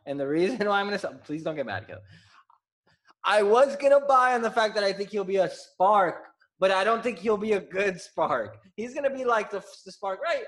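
A man's voice: high voice, animated, fairly quick, fairly bright tone. A man hosting a casual sports podcast, easygoing and joking. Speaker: podcast host.

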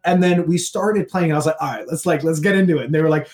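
A man's voice: fairly high pitch, very fast, darkish tone. A young man chatting casually about games, talking in a rambling way with many "like"s. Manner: rambling, heavy filler "like". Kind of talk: casual chat.

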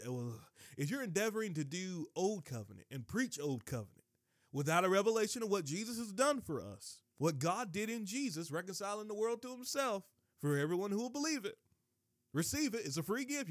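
A man preaching on his podcast, animated, digressing and breaking into high excited exclamations. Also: dry recording, clean studio sound. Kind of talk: sermon.

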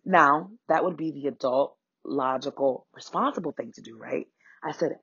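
A young adult woman telling a funny personal story in a casual, animated way, swearing freely and acting out the voices of people in it. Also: very deep voice, normal speed, breathy edge, dry recording, dull audio. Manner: animated, profane, acts out quoted voices.

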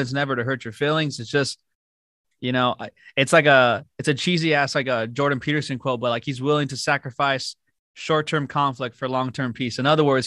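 A podcast host who talks quickly in a loose, profane style and strings together long, rambling questions. His voice is bright and forward. The sound is dry and close-miked. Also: medium pitch, no echo. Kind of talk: casual podcast interview.

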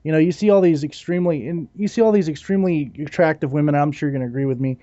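A man with a slightly higher voice chats easily as a podcast co-host, often stopping and restarting his sentences. The sound is dry and close, with a dull, lo-fi tone. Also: very fast, warm tone, dry recording. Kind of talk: casual podcast chat.

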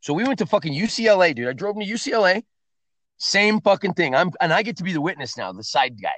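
A high-pitched man tells crude stories as a guest in a casual chat, swearing constantly and making his voice climb and plunge with every turn. His voice sounds dry and close, with no room around it. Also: fast, no room sound. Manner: profane, animated storyteller. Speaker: podcast guest.

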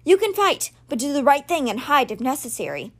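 A woman's voice: high-pitched, big pitch swings, brisk. A woman reading the lines of an earnest young male leader from a storybook, in her own voice.

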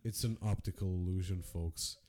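A man's voice: low voice, fairly even intonation, normal speed, dark tone, a little hiss or hum. A man co-hosting a casual podcast chat, rambling and swearing, laughing often.

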